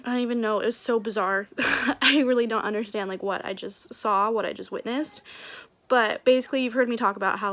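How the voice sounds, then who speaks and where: A woman's voice: on the high side, a bit bright. A young woman chatting casually to camera in a book vlog, rambling with many fillers as she vents. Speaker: book vlogger.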